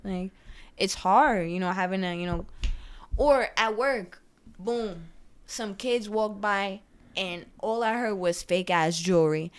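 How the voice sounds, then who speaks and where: A woman's voice: medium pitch, slow, clean tone. Slangy young woman rambling casually. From New York. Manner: rambling, slangy, cusses freely. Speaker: podcast guest. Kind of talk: casual podcast chat.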